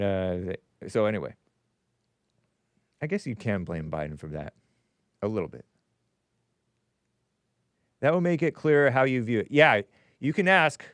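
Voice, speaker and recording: A man's voice: mid-range voice, clean tone, no room sound. A man hosting a casual livestream, reading viewer comments aloud and giving opinionated asides with frequent chuckles. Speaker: show host.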